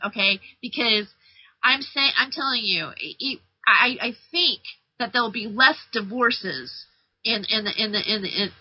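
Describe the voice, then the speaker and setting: A woman's voice: fairly high pitch, no echo. A middle-aged woman hosting a talk radio show, rambling bluntly and casually with lots of fillers and restarts. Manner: brash, blunt and loose, full of fillers and restarts. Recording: slightly dull lo-fi sound.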